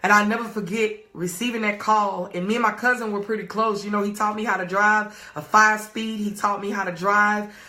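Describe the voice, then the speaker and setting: A woman's voice: medium pitch, steady tone, brisk, pushed and bright, reverberant. A woman, a life coach on a live stream, emphatically urging her viewers to type and react. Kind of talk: live-streamed motivational talk.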